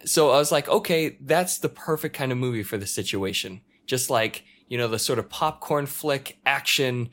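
A man chatting casually, telling a story with lively acted-out quotes and shouts. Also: mid-range voice, normal speed, few pauses. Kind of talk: casual chat. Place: apartment in a multi-story building.

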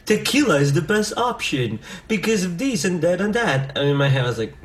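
A man's voice: a little high, slight background noise. A man co-hosting a podcast, chatting casually and teasing his friend. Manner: teasing, quick to laugh, lively banter. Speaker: podcast co-host.

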